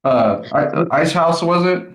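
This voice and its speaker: A man's voice: on the high side, lively intonation, takes it slowly. A man speaking in a casual group voice chat, hesitant, with many restarts and fillers. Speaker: chat participant. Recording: roomy echo.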